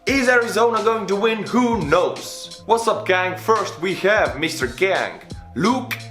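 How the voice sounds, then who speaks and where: A man in his twenties from Estonia, hosting a casual, playful reaction video with jokey shout-outs. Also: high-pitched, expressive, a little slow. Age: 20s. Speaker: YouTube host reacting to a video. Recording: roomy echo with faint music.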